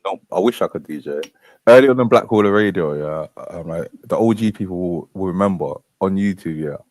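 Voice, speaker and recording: A man's voice: low voice, brisk, darkish tone. A male host of an online radio stream, talking in an easygoing, rambling way. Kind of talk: casual stream chat.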